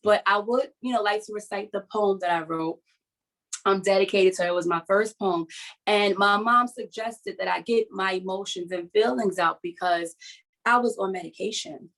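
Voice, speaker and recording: A woman speaks over a video call in a middle-pitched voice, earnest and halting as she shares something personal. She is a writer hosting a support session, and her telling is confessional and unhurried. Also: a bit bright, poor audio.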